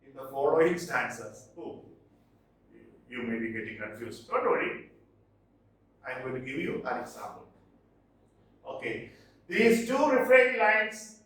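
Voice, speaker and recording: A man teaching English literature in a recorded lecture, explaining terms slowly and repeating key points. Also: fairly high pitch, fairly bright tone. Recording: very echoey room, mic at a distance.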